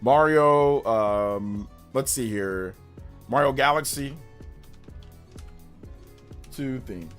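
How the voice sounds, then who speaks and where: A man's voice: mid-range voice, very slow, pauses often, fairly bright tone, faint music behind. A male streamer talking casually on a live stream, arguing emphatically with his chat. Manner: emphatic, argumentative, talks back to chat.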